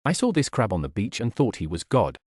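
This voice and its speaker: A man's voice: fairly low pitch, huge pitch swings, fairly quick, a little mellow, dry recording, clean studio sound. A man voicing a flippant young man at a party, reading an audiobook. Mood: offhand.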